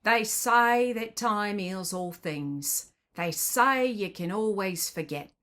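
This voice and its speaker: Woman performing a Cockney washerwoman singing a sentimental ballad slowly, tuneful and earnest. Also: mid-range voice, a bit bright. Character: hearty working-class London washerwoman singing a sentimental song.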